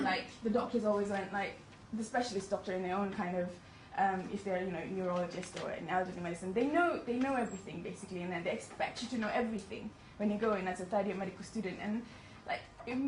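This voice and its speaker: A woman in her twenties who studies medicine gives a chatty, self-deprecating presentation to an audience, laughing often. Her mid-range voice moves at a quick pace with few pauses. The room echoes, the mic sits far away, and there's faint noise.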